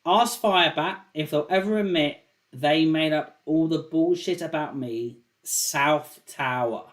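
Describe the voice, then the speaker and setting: A man's voice: on the high side, a little slow, fairly bright tone. A man hosting a casual call-in show, talking loosely and swearing often, with a habit of repeating himself. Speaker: show host.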